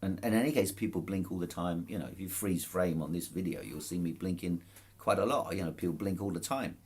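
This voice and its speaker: A man's voice: deep voice, fast talker, a little mellow, slightly rough. A man casually recounting events to camera, amused and chuckling, with frequent restarts and false starts. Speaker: protester recounting a court case. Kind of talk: casual spoken account to camera.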